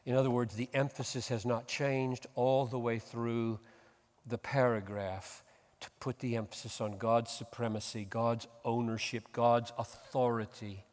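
A middle-aged man preaching a sermon as pastor, building from calm explanation to loud, emphatic peaks. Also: medium pitch, unhurried, big-room sound. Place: church.

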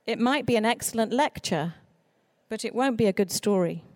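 A woman who writes children's books, giving an earnest, expressive talk on writing for children. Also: a little high, normal speed, no room sound, clean studio sound. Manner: earnest, expressive speaker with mock voices for quoted people. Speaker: children's author. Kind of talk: conference talk.

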